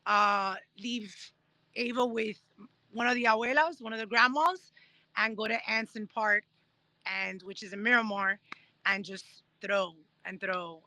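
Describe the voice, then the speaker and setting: Bright-voiced woman telling her story. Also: mid-range voice, measured pace, dry recording. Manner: animated, acts out quoted voices while telling stories. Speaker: guest, Paralympic discus thrower. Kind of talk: casual storytelling interview.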